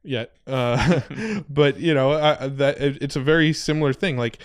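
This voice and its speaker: A man's voice: mid-range voice, moderate pace, clean tone, dry recording, clean studio sound. A man co-hosting a casual podcast, rambling and laughing easily. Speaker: podcast co-host.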